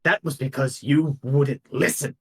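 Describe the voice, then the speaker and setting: A man's voice: mid-range voice, steady tone, measured pace, husky, pitched above the performer's own voice. A man playing a scornful hobgoblin wizard. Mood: indignant. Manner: scornful, commanding. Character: imperious male hobgoblin wizard in red robes.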